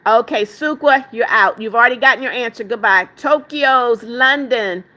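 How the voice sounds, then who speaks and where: A woman's voice: on the high side, moderate pace, bright, forceful tone. A woman hosting a casual live stream, reading viewer comments aloud, greeting each person by name, calling them "darling", and firmly telling spammers off. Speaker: livestream host.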